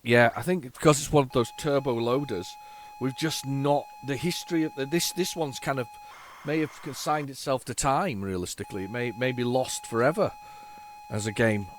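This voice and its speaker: A man's voice: medium pitch, normal speed. A man hosting a retro computing video, chatting casually and rambling to viewers as he tests old tapes. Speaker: retro computing channel host.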